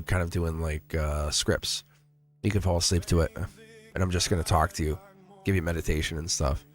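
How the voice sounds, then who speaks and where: A middle-aged man reading tarot on a live stream, chatty and playful, laughing often and talking straight to his viewers. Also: low-pitched. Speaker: tarot reader.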